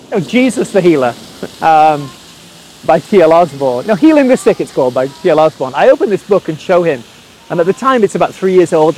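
A preacher tells a personal story in a high voice. He recounts it with lively energy and acts out the quoted lines. Faint sizzling noise sits behind him. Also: poor audio. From England. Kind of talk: storytelling sermon.

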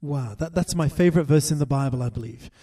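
Heard through a distant mic, a man with a voice on the high side reads scripture during a sermon. His delivery is slow and deliberate, alternating booming proclamations with quiet, hushed remarks.

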